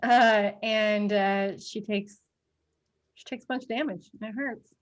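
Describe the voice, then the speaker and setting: A woman's voice: medium pitch, fairly even intonation, measured pace, dull audio. A woman running a tabletop game as dungeon master, narrating the action in a playful way with frequent fillers and laughs.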